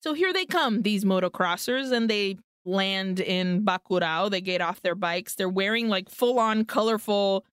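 Animated woman retelling a film, crisp voice. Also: medium pitch, normal speed, few pauses, dry recording, clean studio sound. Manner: animated retelling, acting out characters' lines, swearing. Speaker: podcast co-host. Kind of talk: casual film recap chat.

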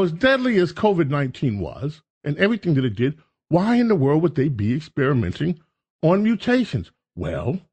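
A man's voice: sits high, darkish tone, slightly rough. A man hosting a talk radio show, rambling through a jokey, self-mocking monologue.

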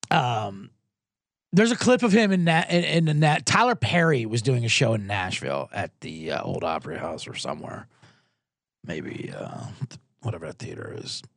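Lively, rambling male betting show host. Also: fairly high pitch, creaky, no echo, clean studio sound. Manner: profane, rambling, reads viewer comments aloud. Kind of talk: casual livestream commentary.

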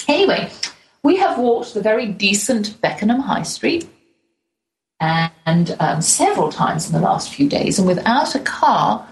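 A woman's voice: lowish voice, a little mellow. A middle-aged woman, originally from England, telling a chatty, lightly humorous travel diary as a show host. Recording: roomy echo with faint ambient noise.

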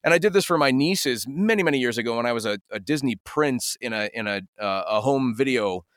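Animated storytelling man, dry close sound. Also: mid-range voice, brisk, dry recording. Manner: animated storytelling, slips into impressions. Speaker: voice actor, guest. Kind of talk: casual interview chat.

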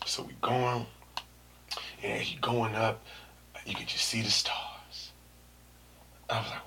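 A young man telling a story to camera in a casual, slangy way, dropping to hushed asides and rising to shouts. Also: fairly low pitch, fairly even intonation, measured pace, long pauses, slight background noise. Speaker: vlogger.

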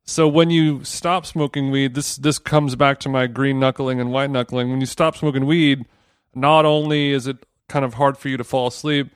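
A podcast co-host chats casually from a countryside villa, rambling, swearing, and often breaking off to restart his sentences. His mid-range voice is clear and resonant, with fairly even intonation and normal speed. The studio sound is clean, with no room echo.

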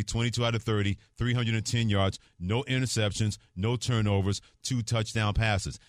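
Brisk, low-voiced sports radio man. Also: dry recording, studio quality. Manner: jokey, quick patter with laughter. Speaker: radio show co-host. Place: radio studio.

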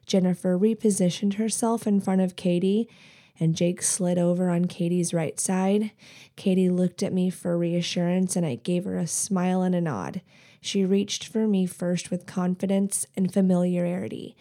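A woman podcast host reading an erotic story aloud, with steady, intimate storytelling. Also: fairly low pitch, moderate pace.

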